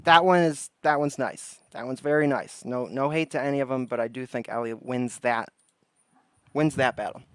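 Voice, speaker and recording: A man hosts a casual livestream, reading text aloud in an even way before drifting into loose talk with his viewers. His voice is smooth and clear at a middle pitch. The sound is dry and close to the mic. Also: moderate pace, dry recording. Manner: reads lists flatly, then chats loosely with viewers. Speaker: livestream host.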